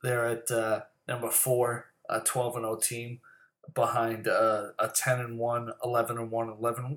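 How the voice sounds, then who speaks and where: A man's voice: medium pitch, unhurried, a bit bright. Man, profane sports rant, rambling, heated, echoey room. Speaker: sports commentary host.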